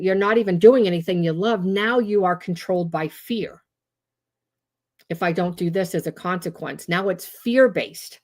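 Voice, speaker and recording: A chatty woman with a slightly low voice hosts a casual livestream as a trauma-informed educator. Her talk is loose and animated, with lots of fillers and restarts, and she keeps acting out little quotes in different voices.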